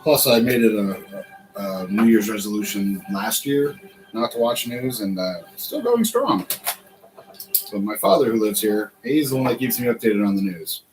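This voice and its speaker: A man's voice: lowish voice, lively intonation, moderate pace, darkish tone, soft background music, poor audio. An American man hosting a casual livestream, talking in a rambling, chatty way and laughing often. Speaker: host.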